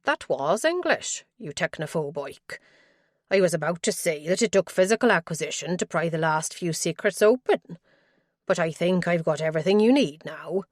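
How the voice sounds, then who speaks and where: A man's voice: fairly high pitch, expressive, moderate pace, dry recording, clean studio sound, lightly acted. A woman voicing an impatient, scornful male tech expert with a Welsh accent in an audiobook. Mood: tetchy. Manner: impatient, jargon-heavy, scornful.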